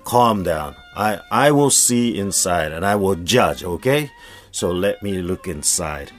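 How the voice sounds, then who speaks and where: A man voicing a kindly nun who settles a quarrel in a measured, soothing tone. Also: deep voice, animated, soft background music. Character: calm kindly woman nun, peacemaker.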